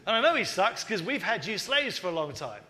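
A man voicing an arrogant, dismissive ancient king during a sermon, loud and scornful. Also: high voice, sing-song, fairly quick, in a large hall, pitched above the performer's own voice, full character voice. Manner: scornful, boastful.

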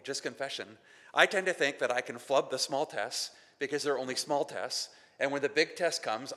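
Canadian pastor preaching in a reverberant hall. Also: male voice, mid-range voice, sharp tone. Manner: conversational, self-deprecating storytelling with acted quotes. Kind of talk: sermon.

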